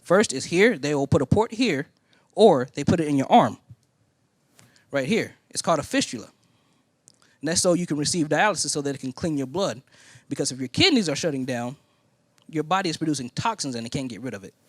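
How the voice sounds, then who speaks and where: Guy preacher telling his story, swings his pitch all over, kinda high voice, dry close mic. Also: fairly quick, pauses often, dry recording. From Indiana. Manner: animated storytelling, acting out quoted voices. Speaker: pastor. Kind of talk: sermon storytelling.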